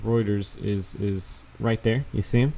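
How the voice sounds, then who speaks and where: A man's voice: lowish voice, fairly even intonation, unhurried, warm tone, a little hiss or hum. A man doing casual, sarcastic commentary, reading news articles aloud and adding profane asides. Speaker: vlogger fact-checking news. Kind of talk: casual screen-share commentary.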